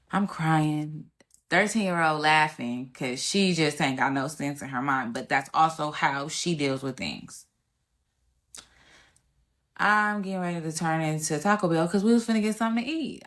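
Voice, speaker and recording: A woman's voice: sits low, fairly bright tone. A woman in her thirties hosting a podcast, telling a personal family story in a casual, colloquial, candid and emotional way. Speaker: podcast host.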